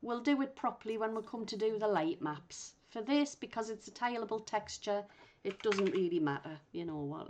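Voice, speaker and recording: Patient woman talking through a software tutorial. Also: mid-range voice, lively intonation, normal speed, hardly any pauses, slight background noise. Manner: patient, thinks aloud while working. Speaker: instructor. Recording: muffled lo-fi recording.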